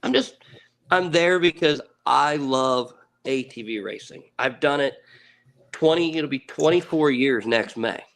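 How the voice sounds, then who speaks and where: Earnest, rambling man in his thirties. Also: medium pitch. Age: 30s. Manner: earnest, repeats words, swears casually. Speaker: podcast guest, ATV racer. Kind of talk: casual storytelling.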